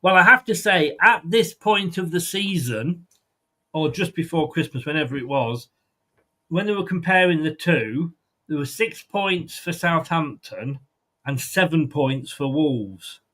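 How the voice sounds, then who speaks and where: A man's voice: on the high side, lively intonation, unhurried, sharp tone. A man hosting a football prediction show, chatting casually and rambling with frequent ums and restarts. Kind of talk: casual chat.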